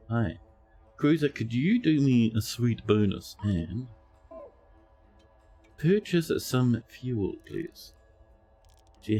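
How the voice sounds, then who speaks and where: Streamer maschile giocoso e chiacchierone che commenta un videogioco dal vivo, intonazione molto vivace, musica leggera di sottofondo. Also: male voice, mid-range voice, warm tone. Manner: playful, chatty, talks to game characters. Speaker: game streamer. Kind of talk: live gameplay commentary.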